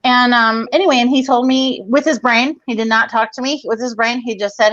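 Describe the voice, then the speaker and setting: A woman in her forties on a video call, telling a rambling, profane story in a casual, animated way. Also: on the high side, a little fast, hardly any pauses, dry recording, dull audio. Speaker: guest comedian.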